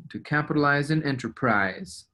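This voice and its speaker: A man's voice: a little high, moderate pace, pushed and bright. A man leading a team call as a real estate investing coach, talking conversationally and acting out sample conversations. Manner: conversational, acts out sample dialogues.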